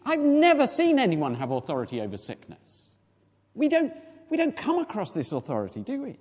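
A male preacher with a high, animated voice that climbs and drops freely, walking through scripture in a chatty, questioning way. His words ring out with a long reverb, as in a large church hall. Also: slightly rough. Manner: conversational Bible exposition with rhetorical questions. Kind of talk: sermon.

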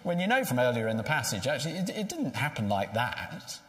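A man's voice: mid-range voice, very animated, fairly quick. A man preaching a sermon in a conversational way, asking rhetorical questions. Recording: echoey hall with long reverb.

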